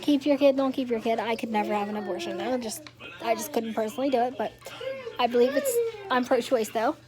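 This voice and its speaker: A woman's voice: on the high side, animated, a little fast, poor audio. A woman in her twenties telling a story in a casual vlog rant, rambling and swearing freely, with her small children around her at home. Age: 20s. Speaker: vlogger.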